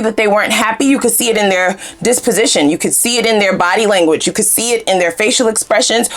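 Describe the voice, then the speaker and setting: Lively, foul-mouthed woman tarot reader. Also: fairly high pitch. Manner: blunt, profane and animated. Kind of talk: casual tarot reading.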